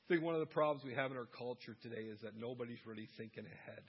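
A man's voice: mid-range voice, rapid-fire, slightly rough. A middle-aged man talking casually about faith and raising children, telling stories and laughing at himself. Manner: warm storytelling, laughs at himself. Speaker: Christian speaker on family life. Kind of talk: casual talk on faith and parenting. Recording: dull lo-fi sound.

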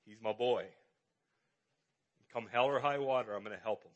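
A man's voice: medium pitch, normal speed, pauses often. A middle-aged man, a pastor, preaching a conversational sermon with lots of repetition and rhetorical questions.

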